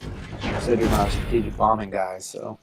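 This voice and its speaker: A man's voice: lowish voice, flat delivery, moderate pace, gravelly. A man in his thirties chatting casually while playing a strategy board game, explaining and justifying his moves in an easygoing way. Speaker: co-host and player. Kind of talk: casual gameplay chat.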